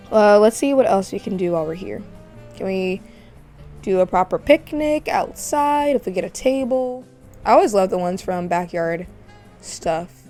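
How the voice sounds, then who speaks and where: A woman's voice: mid-range voice, warm tone. A woman chatting playfully through a life-sim game let's play, giggling often. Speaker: gaming channel host.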